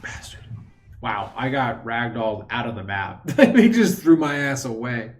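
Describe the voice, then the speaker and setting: A man's voice: medium pitch, animated, unhurried. A man chatting casually while streaming a game, rambling between thoughts and throwing in mocking asides. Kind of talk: casual gaming stream chat.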